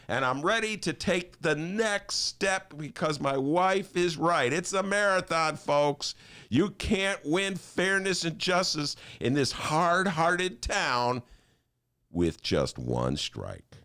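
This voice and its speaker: A man's voice: a little high, animated, takes it slowly, fairly bright tone. An older man from Chicago hosting a talk show, ranting theatrically and laughing as he talks. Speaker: host.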